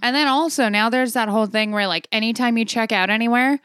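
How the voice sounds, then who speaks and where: Smooth-voiced young woman chatting dryly. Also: a little high, fast, fairly bright tone, no echo, studio quality. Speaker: podcast co-host. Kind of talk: casual chat.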